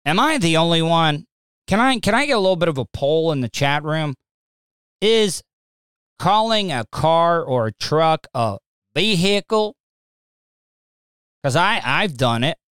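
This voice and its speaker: A man's voice: a little high, animated, measured pace, pauses often, fairly bright tone, clear, resonant tone, no echo, studio quality. A man reacting to a news clip in casual commentary, blunt and mocking. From Southern United States.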